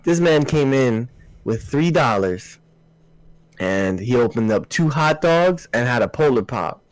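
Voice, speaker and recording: A young man co-hosting a podcast, telling stories in relaxed, slangy casual chat with swearing. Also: mid-range voice, unhurried, no room sound, poor audio. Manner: laid-back storyteller, slangy, swears. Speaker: podcast co-host.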